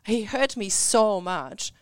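A woman's voice: medium pitch, expressive, takes it slowly, smooth, dry recording, clean studio sound. A woman in her thirties with a Central European accent, a business coach telling her story earnestly in an interview and acting out what people said. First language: Central European language. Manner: earnest storytelling with acted-out quotes.

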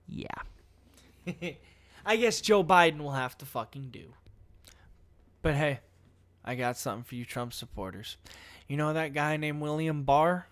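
A man's voice: fairly high pitch, expressive, unhurried, pauses often, a bit bright. A young man talking casually about politics, blunt and mocking, swearing often as he reads news aloud. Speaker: political commentary host.

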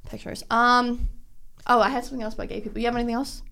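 A woman's voice: fairly high pitch, flat delivery, rapid-fire, gravelly, a bit bright, a little hiss or hum. Rambling young woman in casual chat. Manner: rambling, lots of "like" and restarts.

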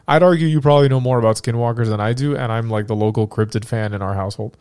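A man who is sick hosts a laid-back podcast, joking and rambling as he reads through his notes. His voice sits at an ordinary middle pitch. It is recorded dry and close, with little room sound. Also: fast, darkish tone, smooth, no room sound. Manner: joking, rambling, self-interrupting. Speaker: podcast host. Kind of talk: casual podcast chat and reading research.

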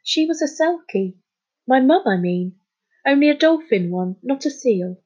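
A man's voice: very high voice, expressive, darkish tone, husky, dull audio, voice pushed up, exaggerated voice. A woman voicing an earnest schoolboy who stumbles over his words while confessing something strange, in a storybook reading. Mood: hesitant. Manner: hesitant, halting, pleading. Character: earnest boy who turns dolphin-like.

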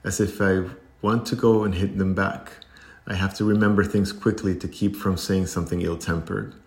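A deep-voiced man voicing a kind young girl heroine who speaks in a steady, gentle but firm way, in an echoey room. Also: normal speed. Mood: confiding.

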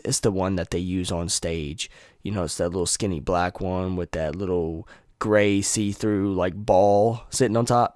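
A young vlogger rambles casually to his viewers from a room at home, cursing freely into a USB desktop mic. His voice sits low and a bit bright, with studio-quality sound and no room echo.

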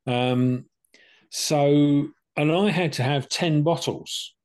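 A man's voice: on the high side, takes it slowly, a little mellow. An older man, casually telling a personal story and acting out both sides of the conversations. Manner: chatty, plain-spoken, acts out both sides of conversations. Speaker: podcast co-host telling his cancer story.

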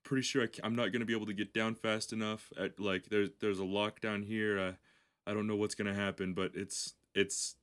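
A man voicing a trapped office worker who calls his wife in a quiet, hurried, faltering voice. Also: on the low side, flat delivery, clean tone, natural voice. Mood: resigned.

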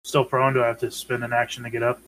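A man's voice: mid-range voice, completely flat delivery, fast talker, a bit bright, a little hiss or hum, poor audio. A man playing a tabletop game over a voice call, matter-of-fact. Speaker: player.

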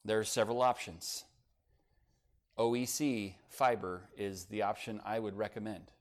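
A man's voice: lowish voice, steady tone, a little slow. An older man preaching a sermon, earnest and urgent, asking his listeners direct questions and adding folksy, joking asides. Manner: earnest, rises to urgent emphasis, asks the congregation direct questions; folksy asides and light humor.

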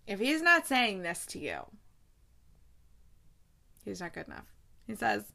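A woman's voice: medium pitch, sing-song, slow, creaky, pauses often, sharp tone. Chatty woman gushing over a movie. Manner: gushing, chatty, laughs often while retelling scenes. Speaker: movie review host. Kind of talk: casual movie recap.

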